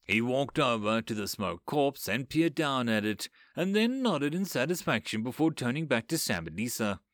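A man reading a dark fantasy story aloud in an expressive, dramatic way. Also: medium pitch, normal speed, dry recording, clean studio sound. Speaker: narrator. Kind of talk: audiobook story narration.

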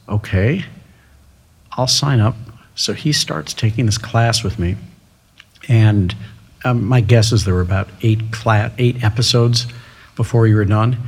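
A middle-aged man, a restaurateur, telling his story as an interview guest, animated and acting out the people he quotes. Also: lowish voice, vocal fry, husky. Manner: animated, quoting others in lively voices. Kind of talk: storytelling in casual conversation.

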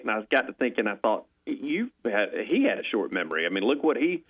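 A man calling in as a guest on a sports radio show, talking in a rambling, animated way with repeated words, heard over a phone line. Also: mid-range voice, fairly quick, hardly any pauses. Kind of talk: call-in sports chat.

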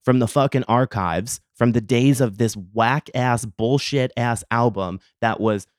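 A male podcast host tells a comic rant, swearing freely and playing up his outrage. His voice is smooth and resonant at a middle pitch. The sound is dry and close, with no room around it. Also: a little slow, no room sound. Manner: profane, ranting, theatrically indignant. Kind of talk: casual comedic monologue.

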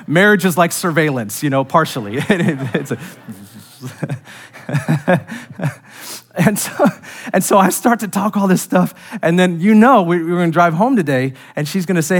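A middle-aged man preaching a sermon, earnest and direct with the congregation, building to emphatic peaks and dropping quiet again. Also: fairly high pitch, expressive, unhurried. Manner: direct address to congregation, self-deprecating humor. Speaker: pastor.

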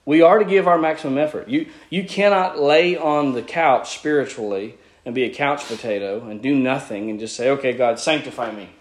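A man preaching from the pulpit, working through a scripture passage point by point. He speaks at a middle pitch in an earnest, teacherly way, often restarting his phrases as he explains. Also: a little fast, few pauses. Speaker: pastor. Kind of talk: sermon.

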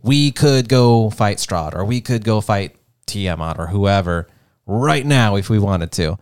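A man talks as a player on a gaming podcast with a smooth, clear, lowish voice. He is easygoing and joking, recorded close and dry. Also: lively intonation, a little slow, a little mellow, no echo. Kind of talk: casual chat.

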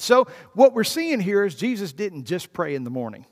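Male pastor, high voice, dynamic preaching from hush to loud, echoing sanctuary. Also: normal speed, hardly any pauses. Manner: animated preaching, swinging from hushed to loud. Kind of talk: sermon. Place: church sanctuary. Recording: long reverb in a church hall.

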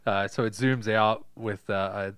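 A man co-hosting a podcast in casual comedic chat, loud, rambling and swearing a lot. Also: lowish voice, fairly even intonation, normal speed, a crowd in the background. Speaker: podcast co-host.

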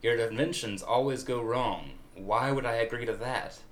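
A man voicing a lovestruck male handyman who pleads in an overwrought, melodramatic way, a bit higher than his own voice. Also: moderate pace, lightly acted. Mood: defiant.

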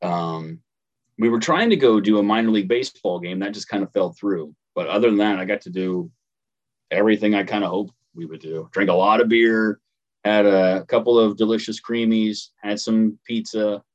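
As co-host of a podcast, a thirty-something Midwestern American man casually chats through a travel story, laughing easily. He speaks at a moderate pace in a lowish voice, and the audio is dull.

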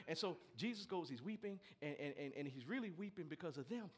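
A male pastor a sermon, reading scripture and breaking into lively asides to the congregation. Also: high-pitched, quick pace, few pauses. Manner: animated preaching with asides to the congregation.

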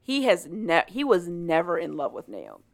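A woman co-hosting a podcast recaps a book's plot in a casual, chatty way, acting out the characters' lines. Her voice is lowish and creaky, with huge pitch swings at a normal speed.

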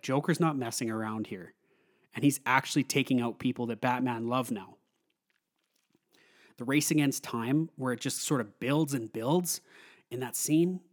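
A man giving a casual, excited film review, rambling with lots of fillers. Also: medium pitch.

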